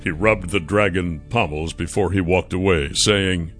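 A man narrating a fantasy audiobook in a measured, deliberate way. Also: deep voice. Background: faint music.

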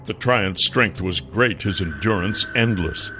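Casting: male storyteller, lowish voice, dramatic read, soft music behind. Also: measured pace. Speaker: narrator. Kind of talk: audiobook narration.

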